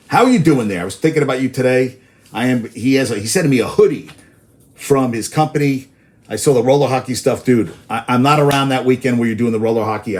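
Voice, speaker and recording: A man's voice: medium pitch, a little mellow. A man hosting a casual sports talk show, rambling through stats and personal tangents, cursing freely, apparently outdoors in New York.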